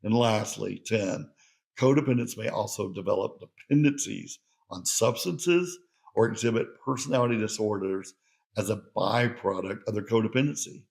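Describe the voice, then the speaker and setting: A man's voice: lowish voice, moderate pace, creaky, darkish tone. A man hosting a solo podcast, speaking in an earnest, conversational and reflective way. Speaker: podcast host.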